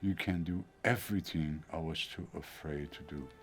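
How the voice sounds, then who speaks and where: An actor playing a gentle, reassuring older father who speaks softly. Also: rumbling low. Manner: soft, slow, reassuring.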